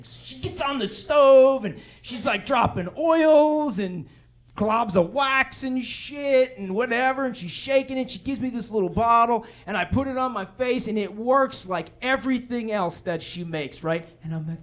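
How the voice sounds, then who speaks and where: High-ish guy doing chill rambling standup, acts out quotes, stage mic in a club. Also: lively intonation, moderate pace, a bit bright. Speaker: stand-up comedian. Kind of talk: stand-up storytelling.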